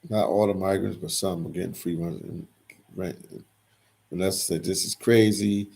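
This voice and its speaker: A man's voice: deep voice, fairly even intonation, normal speed, vocal fry, darkish tone, breathy edge. A man hosting a casual livestream, reading viewers' comments aloud and answering them, often repeating his phrases.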